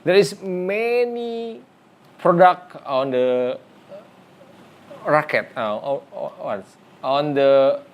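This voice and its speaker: A man giving a design lecture, his voice sitting a little high for a man. He speaks unhurriedly, in non-native English with an Indonesian first language, stopping often for fillers and restarting his sentences. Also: drawn-out words, pauses often. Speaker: teacher.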